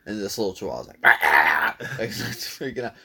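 A man's voice: fairly low pitch, sing-song, fast talker, gravelly, fairly bright tone, husky. A man casually telling a long story to a friend, laid-back, swearing freely and filling his talk with "dude" and "like".

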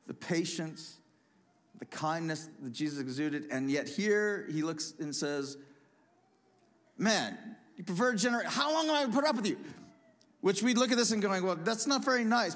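A man preaching a sermon, reading scripture aloud and explaining it with animated emphasis. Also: a little high. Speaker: pastor.

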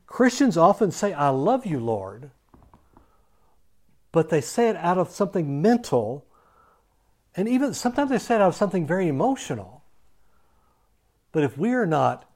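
A man delivering a sermon, reading scripture passages and then preaching on them in his own words. He moves between loud, emphatic stretches and hushed, near-whispered lines, often restating a word two or three times to drive the point home. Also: medium pitch. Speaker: pastor.

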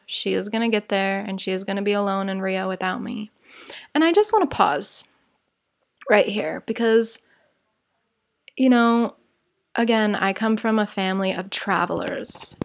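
Chatty woman telling a story. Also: medium pitch. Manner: chatty, digressive, acts out quotes. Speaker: vlogger. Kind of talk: casual storytime.

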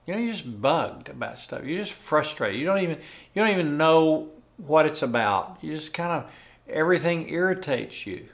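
A man's voice: a little high, expressive, normal speed, vocal fry. An older man hosting a faith podcast, teaching in a conversational, earnest way and chuckling often. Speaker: podcast host and pastor.

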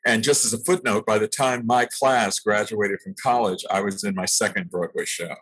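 An older man with a low, husky voice tells stories from his early theater years at an easy, reflective pace. He chuckles at himself now and then as he looks back. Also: fairly even intonation, normal speed, a bit bright, rough recording. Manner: reflective, anecdotal, laughs at himself. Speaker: interview guest, actor. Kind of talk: storytelling in an interview.

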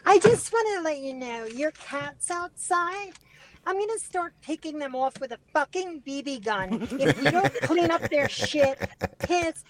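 A syrupy prank-call neighbor lady, put on by a man, sweet-talking but menacing, pitched up high from his own voice. she sounds sugary and threatening at once. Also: lively intonation, measured pace, crowd noise. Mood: sugary menace.

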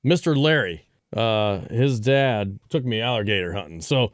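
A man co-hosting a sports podcast in casual chat, animated and full of exclamations. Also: fairly low pitch, moderate pace, no room sound, studio quality. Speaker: podcast co-host.

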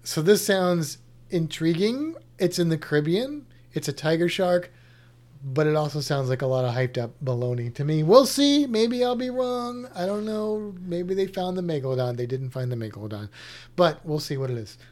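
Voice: medium pitch, animated, moderate pace, darkish tone. Chatty skeptical science educator. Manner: skeptical, chatty, thinks aloud with restarts. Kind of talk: casual chat reacting to a show lineup.

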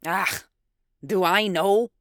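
A reader voicing a huge, excitable German scientist with a German accent and emphatic outbursts. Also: medium pitch, drawn-out words, clear, resonant tone, no echo, studio quality, voice pushed up. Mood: shaken, brooding. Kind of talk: audiobook character voice.

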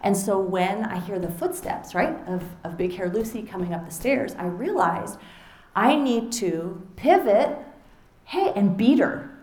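A middle-aged woman author giving a conversational talk to an audience, animated and acting out little quoted exchanges. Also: medium pitch, measured pace. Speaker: author and speaker. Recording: roomy echo.

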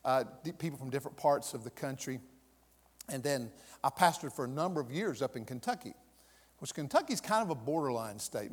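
A middle-aged man with a Southern US accent preaching a sermon as pastor, folksy and emphatic, swelling to loud peaks. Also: a little high, big-room sound. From American South.

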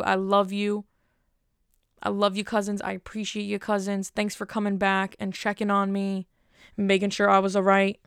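Young woman solo podcast host, rambling and self-deprecating, gravelly but smooth voice, dry close sound. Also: mid-range voice, no echo. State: cold, stuttering a little. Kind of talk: casual solo podcast chat.

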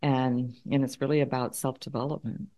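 A middle-aged woman with a notably low-pitched voice, speaking as an interview guest. She tells her story thoughtfully, repeating words as she finds her way through each point. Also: little pitch movement, normal speed, mellow. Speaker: conflict consultant and guest.

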